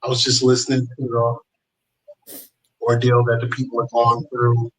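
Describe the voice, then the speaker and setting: A man joining a livestream as a guest over a video call, soft-spoken and hesitant. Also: medium pitch, monotone, unhurried, slight background noise, low-quality recording. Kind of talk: casual chat on a video call.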